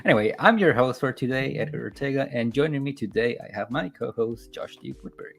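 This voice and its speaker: A man hosting a casual film podcast, chatty and relaxed, laughing often. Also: medium pitch, fast, vocal fry. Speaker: podcast host.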